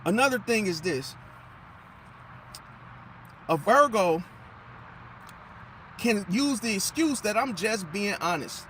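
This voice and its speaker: A man giving an animated, emphatic astrology monologue and losing his voice. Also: high voice, takes it slowly, long pauses, a little hiss or hum. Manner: animated, emphatic, repeats "see?"; drops into mocking impressions of others. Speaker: astrology commentator. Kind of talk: casual monologue.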